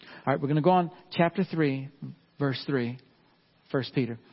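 A man's voice: medium pitch, moderate pace. A middle-aged man preaching a sermon in a folksy way, often turning to the congregation with asides. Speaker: pastor. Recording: dull lo-fi sound.

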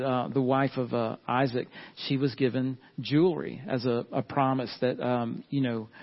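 A middle-aged man preaching a sermon in a folksy way, often turning to the congregation with asides. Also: mid-range voice. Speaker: pastor. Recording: dull lo-fi sound.

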